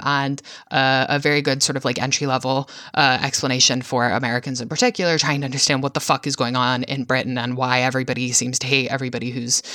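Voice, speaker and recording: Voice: mid-range voice, sharp tone, dry recording, clean studio sound. A podcast host delivering a solo film-analysis monologue, hesitant with many filler sounds and frank, casual swearing.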